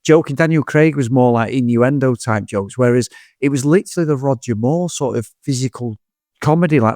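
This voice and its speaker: Animated swearing man reviewing films. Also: mid-range voice, brisk, no room sound, studio quality. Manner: swearing, animated, acts out scenes in quotes. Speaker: podcast co-host. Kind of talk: casual film review chat.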